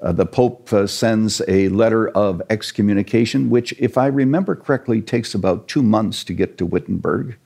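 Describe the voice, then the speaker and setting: A man telling a church history story to an interviewer, earnest and animated, with a few jokes. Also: lowish voice, moderate pace, gravelly, hardly any pauses. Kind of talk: storytelling lecture in conversation.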